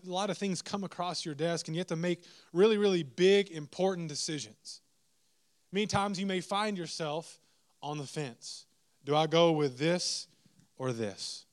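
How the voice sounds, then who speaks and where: Young male preacher, animated, self-mocking storyteller, slightly high voice. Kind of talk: storytelling sermon.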